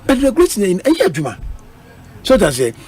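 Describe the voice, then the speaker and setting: A man's voice: high voice, huge pitch swings, brisk, darkish tone, breathy edge, soft background music. A Ghanaian man, a member of parliament, arguing animatedly on a radio panel, mixing Twi and English. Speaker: politician, minority member of parliament.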